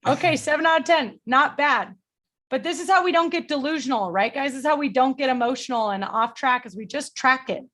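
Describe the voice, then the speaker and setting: A middle-aged woman leading a group coaching call, energetic and blunt, motivational, with casual swearing. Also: high-pitched, a little fast. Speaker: sales coach.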